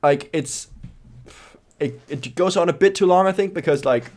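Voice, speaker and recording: A man co-hosting a casual podcast, animated and playful, often restarting his sentences. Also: a little high, normal speed. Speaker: podcast co-host. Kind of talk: casual chat.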